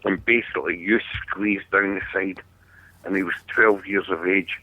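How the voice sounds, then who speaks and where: A man's voice: deep voice, fairly even intonation, moderate pace, no room sound. A Scottish man hosting a talk radio show, telling a long family story in a rambling, earnest way with many restarts. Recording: tinny phone-like radio audio.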